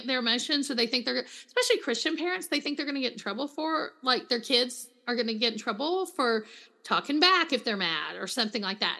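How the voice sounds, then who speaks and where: A middle-aged woman, a counselor and author, chatting as an interview guest and telling stories with lively quoted voices. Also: high voice. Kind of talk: casual interview chat.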